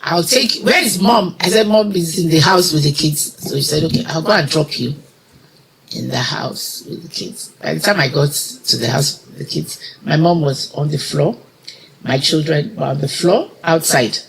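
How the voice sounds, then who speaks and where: A woman's voice: low voice, moderate pace, gravelly, slight background noise, low-quality recording. A middle-aged woman with a Nigerian accent, an interview guest telling a personal story with feeling and acting out the words of the people in it. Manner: vivid retelling that acts out others' quoted words.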